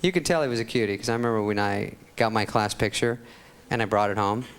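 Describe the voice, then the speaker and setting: This comedian's voice sits on the lower side, and he rattles through a sarcastic stand-up story that pokes fun at himself. He performs before a live audience whose laughter and noise come through loudly.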